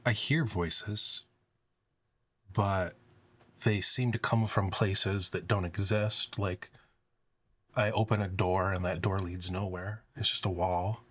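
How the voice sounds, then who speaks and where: A man voicing a frightened, self-doubting young woman who speaks in halting, anxious phrases in a tabletop game. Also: low voice, fairly even intonation, a bit bright, heavily acted. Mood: uneasy.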